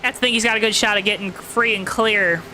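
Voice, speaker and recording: This commentator calls a sim race play-by-play for viewers in an exaggerated announcer voice, talking right to them. His voice sits high, steady and sharp, and brisk; the poor audio carries slight background noise.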